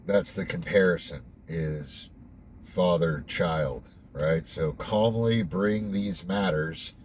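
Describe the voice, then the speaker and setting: A young man with a fairly low voice talks through a devotional reading in a loose, candid way, stopping to reflect and dropping the odd swear word. A faint hiss sits underneath him. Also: a little mellow. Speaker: host. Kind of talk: casual devotional monologue.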